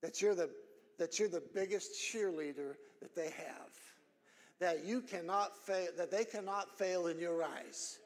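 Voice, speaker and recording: A middle-aged man preaching a sermon as pastor, earnest, repeating phrases and building up to shouted emphasis. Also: high voice, measured pace, in a large hall. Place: church sanctuary.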